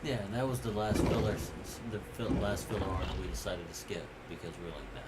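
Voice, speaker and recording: A man's voice: low-pitched, fast. A man chatting casually as co-player on a game stream, laid-back and joking as he tells stories. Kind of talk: casual gameplay chat. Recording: loud hiss on the mic.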